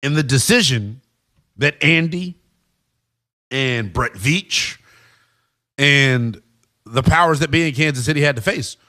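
A man's voice: mid-range voice, takes it slowly, long pauses. A man giving an emphatic football analysis monologue, talking straight to his viewers. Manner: emphatic, animated, addresses viewers as guys and y'all. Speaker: sports commentator.

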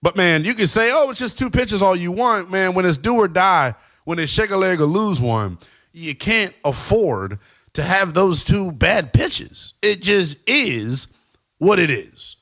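A man's voice: high voice, lively intonation, unhurried, pushed and bright. A man hosting a sports talk show, giving emphatic, slangy opinions to fans.

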